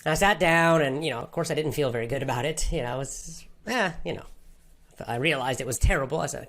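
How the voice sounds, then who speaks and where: A woman's voice: low voice, a little fast, a bit bright. A woman from Georgia in the United States telling a personal story to language learners in simple, emphatic words with a lot of repetition. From Athens, Georgia, USA. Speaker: English-learning podcast host.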